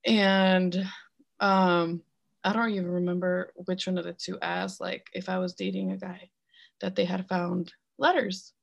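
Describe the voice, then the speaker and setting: Candid woman with a gravelly voice. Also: fairly low pitch, level tone, measured pace, dull audio. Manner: frank, blunt, swears freely, filler-heavy; mixes in other-language phrases mid-sentence. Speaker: podcast co-host. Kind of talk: candid personal storytelling.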